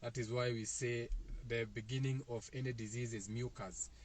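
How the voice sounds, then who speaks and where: Here a man with a Kenyan, Kikuyu-speaking accent hosts a casual spiritual self-help talk for viewers, using a mid-range voice with a steady tone and moderate pace. He talks loosely and repetitively, leaning on many fillers.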